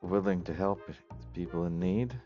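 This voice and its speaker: A man playing a tabletop game, speaking in a measured, deliberate way. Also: sits low. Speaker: player. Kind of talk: tabletop role-play. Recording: dull lo-fi audio with music behind.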